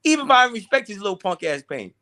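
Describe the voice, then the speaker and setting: A man's voice: high-pitched, big pitch swings, pushed and bright. A man telling a personal story in casual, profane talk, often repeating himself. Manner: profane, halting, repeats words. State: teary. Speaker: guest.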